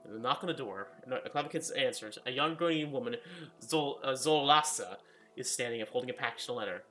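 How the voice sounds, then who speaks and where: A man reads a fantasy adventure aloud, tripping over names and correcting himself as he goes. His voice is bright and clear, with faint background music. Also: medium pitch. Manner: quick, stumbling, self-correcting reading. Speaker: narrator. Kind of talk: casual read-aloud storytelling.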